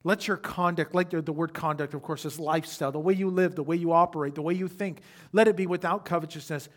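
A man preaching a sermon who speaks straight to his congregation with questions and rises from quiet reflection to loud emphasis. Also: on the high side, fairly even intonation, fast. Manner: addresses the congregation directly with questions. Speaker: pastor.

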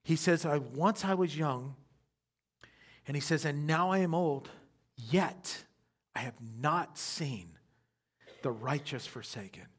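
A man preaching a sermon who speaks straight to his congregation with questions and rises from quiet reflection to loud emphasis. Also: on the high side, expressive, slow, pauses often, slightly rough. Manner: addresses the congregation directly with questions. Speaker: pastor.

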